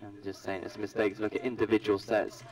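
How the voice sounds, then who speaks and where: A man giving live financial news commentary in a steady, matter-of-fact way, heard over a squawk feed. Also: lowish voice, quick pace. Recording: squawk feed played through room, distant.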